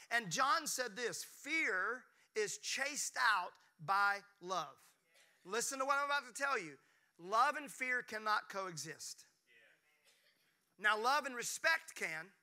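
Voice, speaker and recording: A man, preaching a sermon with jokes and calls to the congregation. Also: very high voice. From Mississippi, US. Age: 50s. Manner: preaching with call-and-response to the congregation; animated, jokes and playful asides. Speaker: pastor.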